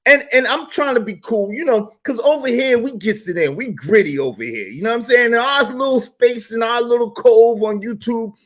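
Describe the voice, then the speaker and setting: A man hosting a casual live stream, telling a story in an animated, slangy style with lots of repetition. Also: very high-pitched, normal speed, few pauses. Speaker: YouTube live stream host.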